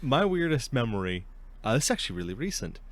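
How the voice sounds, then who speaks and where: Lively chatty man hosting a podcast. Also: medium pitch, fast talker, dry recording. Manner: chatty storyteller, laughs often. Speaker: podcast host. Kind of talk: casual podcast chat.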